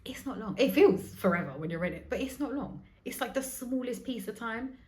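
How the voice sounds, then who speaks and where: A woman's voice: on the high side, expressive, brisk, darkish tone. A woman in her thirties hosting a solo podcast, talking in a rambling, confessional way, swearing freely and poking fun at herself. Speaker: podcast host. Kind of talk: candid solo podcast monologue.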